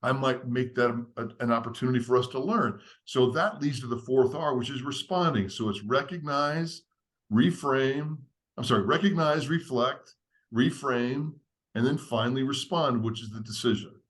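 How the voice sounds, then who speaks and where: On a podcast, a male guest walks through a step-by-step framework with an earnest, teacherly manner. He talks at a normal speed in a medium pitch, structured and steady, much like a seasoned author explaining ideas in conversation.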